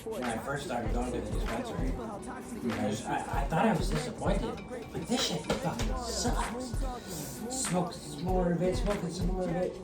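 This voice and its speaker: A man telling a rambling story in casual chat, animated and swearing, often breaking into laughs. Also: fairly high pitch, moderate pace. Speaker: guest. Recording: roomy echo, distant mic, music behind. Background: music.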